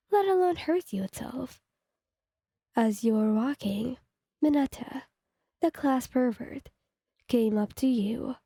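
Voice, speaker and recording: Mellow young woman reading fan fiction. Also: fairly high pitch, husky, dry recording, studio quality. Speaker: narrator. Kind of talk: second-person fan fiction narration.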